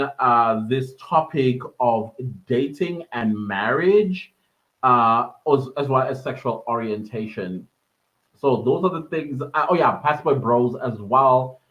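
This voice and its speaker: A South African man hosting a live podcast stream, chatting casually, answering viewers' comments, laughing often. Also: mid-range voice. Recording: dull lo-fi live-stream audio.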